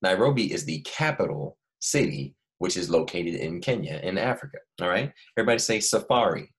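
Deep-voiced teacher coaxing young kids. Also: male voice, moderate pace. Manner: animated, coaxing children to repeat words. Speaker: first grade teacher. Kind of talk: remote classroom lesson. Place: Los Angeles.

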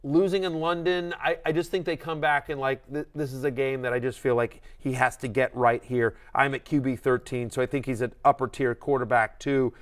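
A middle-aged man hosting a fantasy football show, talking fast and animated, acting out voices as he rants. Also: medium pitch. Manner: animated, ranting, acts out quoted voices. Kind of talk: excited sports analysis chat.

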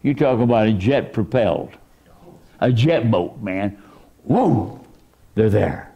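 Animated preaching man with lively pitch. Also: takes it slowly, breathy edge. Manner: animated preaching, voice surging high for emphasis. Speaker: pastor. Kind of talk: sermon. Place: church.

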